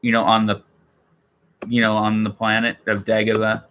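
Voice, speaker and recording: A man chatting on his own live stream in a loose, rambling way, circling back with fillers and restarts. His voice sits a bit low but comes across bright and forceful. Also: completely flat delivery, moderate pace, a little hiss or hum. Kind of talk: casual live-stream talk.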